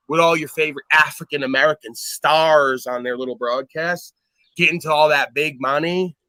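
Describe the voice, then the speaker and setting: Brash, bright-voiced ranting man. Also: fairly high pitch, no room sound. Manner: profane, boastful, swings between loud outbursts and muttering. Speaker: livestream host. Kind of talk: ranting livestream commentary.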